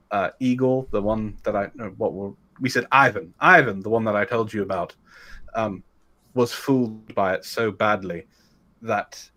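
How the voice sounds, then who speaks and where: A man from California with a lowish voice chats loosely on a podcast. He tells stories about his voice work in a candid, profane way, in no hurry to get to the point. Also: a bit bright. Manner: candid, storytelling, swears freely. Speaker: voice actor guest. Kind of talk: casual podcast chat.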